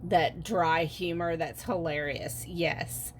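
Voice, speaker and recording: Woman, tarot reader, unhurried lower voice, giggly and halting. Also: steady tone, a little hiss or hum. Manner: giggly, halting with many fillers. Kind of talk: casual pick-a-card reading.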